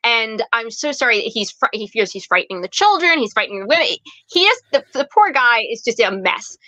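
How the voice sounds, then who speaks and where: A woman's voice: fairly high pitch, sing-song, brisk, pushed and bright, no room sound, poor audio. A young adult woman from the United States, a guest author retelling a historical story with dramatic flair and frequent fillers.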